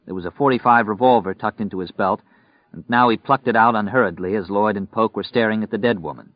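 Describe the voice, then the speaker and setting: A man reading a novel aloud in steady, measured scripted narration. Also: on the low side, no echo. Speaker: audiobook narrator. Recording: dry, muffled recording.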